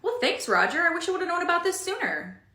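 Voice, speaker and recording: A woman voicing a shy, soft-hearted young coworker who asks curious questions. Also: very high voice, very animated, fast, heavily acted. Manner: curious, easily touched. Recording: echoey room.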